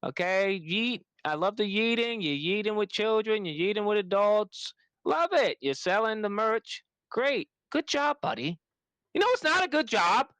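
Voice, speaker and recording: A woman co-hosting a wrestling podcast in a loose, joking way. Her pitch swings widely as she riffs, and the sound is dry and close. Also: moderate pace, no room sound. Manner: animated, joking. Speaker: podcast co-host. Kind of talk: casual wrestling chat.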